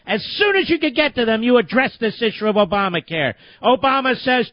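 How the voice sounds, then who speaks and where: A man's voice: very high-pitched, animated, brisk, few pauses, dry recording, muffled recording. A man hosting a talk radio show, delivering an indignant, emphatic political monologue full of repetition.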